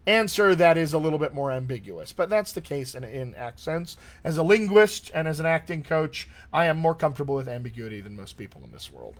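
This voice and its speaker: A man coaching accents in a live-streamed Q&A, chatty and enthusiastic, often clearing his throat from allergies. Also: on the high side. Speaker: dialect coach.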